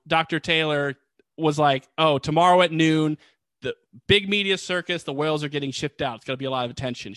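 A man co-hosting a podcast, casually recapping a film in a rambling, animated way and acting out lines of dialogue. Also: fairly high pitch, no echo. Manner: rambling, animated storytelling with quoted voices. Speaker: podcast co-host. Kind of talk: casual movie recap chat.

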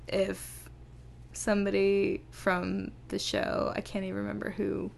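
Woman cohosting a chatty podcast, slow and a bit gravelly, laughs a lot. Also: medium pitch, completely flat delivery, a little mellow, a little hiss or hum. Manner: laughs often, giggly and chatty. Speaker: podcast co-host. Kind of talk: casual chat.

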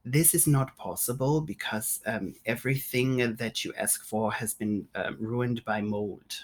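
A man voicing a polite male German archive clerk who speaks halting, formal, broken English. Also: medium pitch, lightly acted. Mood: regretful.

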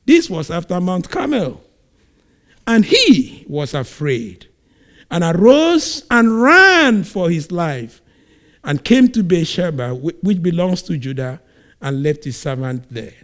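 A man from Nigeria preaching a sermon, retelling a scripture story in an animated way. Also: on the high side, slow, pauses often. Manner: animated storytelling, acts out scenes.

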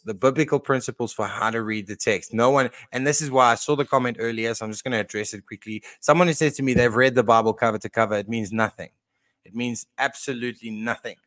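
On a casual Christian podcast, a male co-host talks through a faith topic with earnest, preachy conviction, often restarting sentences. His voice sits mid-range and a bit bright, recorded dry and close with no room sound.

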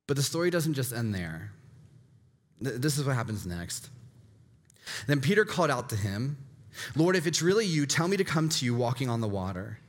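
A man's voice: medium pitch, big pitch swings, normal speed, long pauses. A man preaching a sermon as a pastor, earnest and repetitive, often checking in with a questioning "right?". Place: church sanctuary. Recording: long hall reverb.

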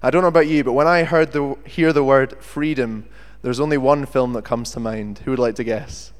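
Young British preacher in an echoing hall. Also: male voice, medium pitch, a little fast. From Britain. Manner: lively, chatty, jokey asides. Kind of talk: sermon with scripture reading. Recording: long hall reverb.

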